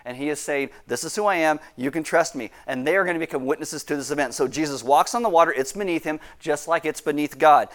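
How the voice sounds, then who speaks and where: Man preaching a sermon, animated, slightly higher voice, acts out voices. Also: fast, few pauses. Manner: animated, acts out quoted voices with big pitch jumps. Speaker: pastor.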